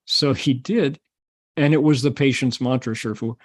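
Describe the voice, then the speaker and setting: An older man gives a Buddhist Dharma talk, telling a story and acting out the voices of the people in it while switching between Mandarin and English. His voice is medium-pitched with a breathy edge, at normal speed.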